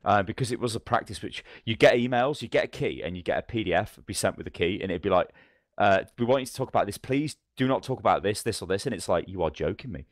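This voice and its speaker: A man's voice: on the low side, animated, fast talker, no room sound. A man co-hosting a podcast, blunt and sweary, mocking others in quoted voices. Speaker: podcast co-host. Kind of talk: casual chat. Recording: dry close mic.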